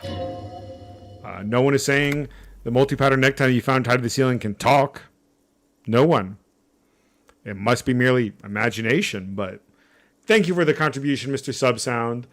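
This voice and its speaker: A man's voice: mid-range voice, normal speed, pauses often. A man streaming live, reading a game's text aloud with casual asides to chat.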